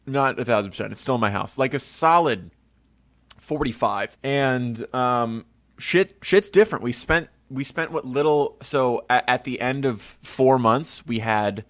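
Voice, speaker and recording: A man's voice: mid-range voice, a bit bright, no echo. A young man hosting a podcast from his home studio, telling rambling stories with crude, self-mocking jokes. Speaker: podcast host. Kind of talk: casual rambling monologue.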